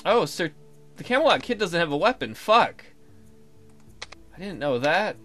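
A man's voice: on the high side, big pitch swings, a little slow, a bit bright, soft background music. A man casually commenting on his gameplay, swearing, thinking aloud, and reading the game text. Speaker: let's play gamer.

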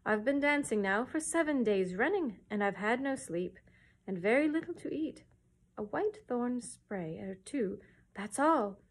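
A woman's voice: a little high, animated, unhurried. A woman reading aloud, voicing a tired, anxious female cow who speaks in a plaintive, pleading way. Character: weary, anxious red cow who cannot stop dancing.

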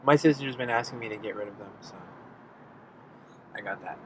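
A man's voice: lowish voice, fairly quick, poor audio. A man with a stuffy nose from allergies, chatting casually while he vlogs from his car and around town. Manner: rambling, offhand. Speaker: vlogger. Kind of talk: casual vlog chat. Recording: street and traffic noise. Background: traffic and city ambience.

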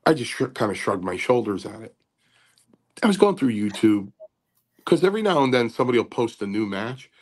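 An older man, a host and former wrestler, talking in a halting, rambling casual way with many fillers and repeats. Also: mid-range voice, big pitch swings, a little mellow.

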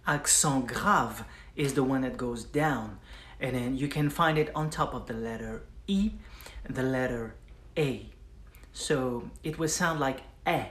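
Teacher for a pronunciation drill, very slow and deliberate, mid-pitched, roomy echo. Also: fairly bright tone. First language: French. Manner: drills words slowly, repeating each several times. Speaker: French teacher. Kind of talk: pronunciation lesson.

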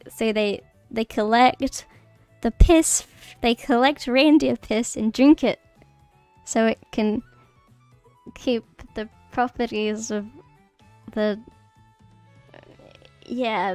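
A woman's voice: fairly high pitch, darkish tone. A woman streamer giving a casual livestream lesson, nervous and giggly, rambling with many fillers and restarts. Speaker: streamer teaching mycology. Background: faint background music.

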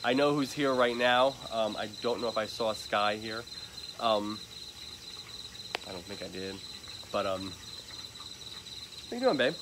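A man's voice: on the low side, a little slow, pauses often. A man chatting casually to livestream viewers outdoors at an animal shelter, often sweet-talking a dog. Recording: noisy outdoor phone livestream. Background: crickets and insects.

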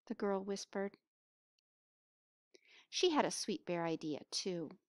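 A woman reading a picture book aloud to children, pausing to ask them questions. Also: medium pitch, no room sound, studio quality. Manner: asks listeners questions, expressive. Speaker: storybook reader.

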